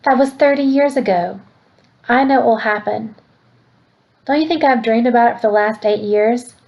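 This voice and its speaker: A woman reading aloud, voicing an upset grandmother who shouts through tears. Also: on the high side, normal speed, vocal fry, lo-fi sound. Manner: shouting, pleading.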